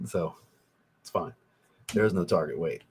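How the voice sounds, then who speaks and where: A man's voice: low-pitched, normal speed, a little hiss or hum. A young man, hosting a casual livestream and reading viewer comments, rambling and swearing as he gets worked up. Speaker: livestream host, fragrance reviewer.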